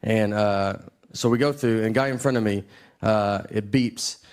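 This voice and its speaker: A man performing a stand-up comedy set, telling stories in a laid-back deadpan way before a live audience. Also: on the low side, measured pace.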